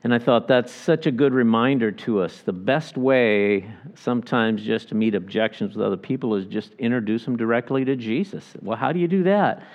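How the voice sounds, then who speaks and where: A man's voice: mid-range voice, moderate pace, few pauses, darkish tone, highs cut off. A male pastor teaching a sermon in a conversational, folksy way, often acting out the people in the story. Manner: conversational, folksy Bible teaching with restarts and quoted voices.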